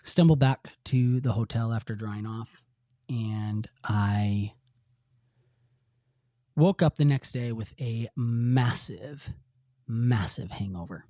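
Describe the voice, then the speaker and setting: Middle-aged man, confessional podcast story, earnest and halting, mellow voice, dry close mic. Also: medium pitch, no echo. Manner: earnest, halting, with frequent restarts. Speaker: podcast host.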